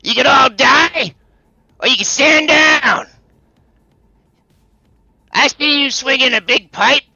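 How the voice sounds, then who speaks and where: A man voicing a cocky male outlaw who shouts down at his foes from a rooftop. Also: very high-pitched, a little fast, gravelly, no echo, highs cut off, voice pushed up, exaggerated voice. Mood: bold shouting.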